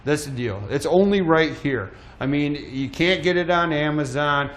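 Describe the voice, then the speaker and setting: A man hosting a live shopping show, pitching deals in an energetic, emphatic sales voice, slightly out of breath. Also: normal speed. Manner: energetic, emphatic promo delivery.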